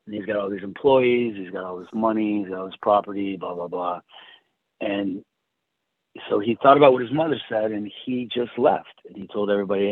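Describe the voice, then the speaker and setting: Husky low-voiced man telling a story. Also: dry recording. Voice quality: husky, halting with many restarts. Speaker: guest. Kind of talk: casual storytelling. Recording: tinny phone-like sound.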